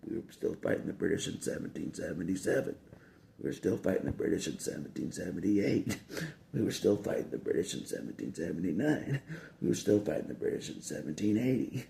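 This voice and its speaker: A man's voice: deep voice, gravelly, mellow. A man talking casually to the camera in a rambling, repetitive way, chuckling between phrases. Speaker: video blogger. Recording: echoey room with faint background hum.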